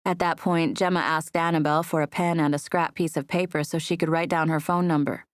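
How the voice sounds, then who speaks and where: A woman narrating an audiobook in a steady, gentle storytelling manner. Her voice sits on the low side. The recording is dry and close, with no room sound. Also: fairly quick, few pauses, no room sound. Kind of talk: scripted narration.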